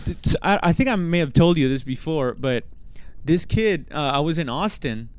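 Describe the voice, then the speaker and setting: A young man co-hosting a casual podcast, telling stories with halting restarts and frequent laughter. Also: a little high, expressive, smooth, no room sound. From Texas. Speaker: podcast co-host. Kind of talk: casual chat.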